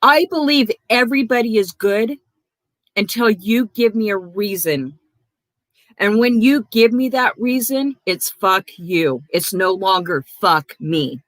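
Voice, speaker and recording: A woman's voice: mid-range voice, lively intonation, measured pace, no room sound. A woman hosting her own livestream, angrily calling out people by name with lots of swearing. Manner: confrontational, swearing, calls out viewers by name. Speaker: livestream host. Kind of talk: angry livestream rant.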